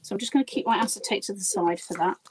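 A woman's voice: medium pitch, very fast, darkish tone, slight background noise, low-quality recording. A woman guiding a live craft demonstration, chatty, giggly and poking fun at herself as she works. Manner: chatty, giggly and self-deprecating. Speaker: guest crafter demonstrating a project.

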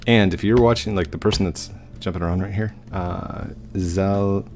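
A man's voice: low voice, fairly even intonation, normal speed, gravelly, noisy background. A man casually chatting to viewers as he builds in a game, easygoing and talking to himself as he goes. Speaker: gaming YouTuber. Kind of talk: casual let's-play commentary.

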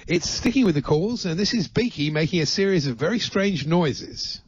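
A man's voice: fairly high pitch, lively intonation, normal speed, husky. A man co-hosting a radio show, chatting casually and laughing easily. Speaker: radio co-host. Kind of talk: casual chat. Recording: dry, dull lo-fi radio recording.

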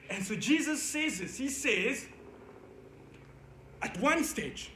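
A man's voice: extremely high pitch, fairly bright tone, echoey room, slight background noise. A man teaching young children at church, playful and coaxing as he talks straight to the kids. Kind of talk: lively lesson for young kids.

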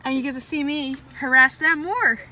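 A woman's voice: sits high, normal speed, bright, forceful tone, slight background noise. A woman vlogging in a casual, giggly and teasing way. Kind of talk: casual vlog chat.

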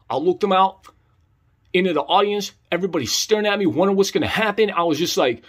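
A man's voice: high-pitched, very animated, brisk, husky. A young man telling a comedic story in a laid-back, slangy way, calling the listener homie and dog.

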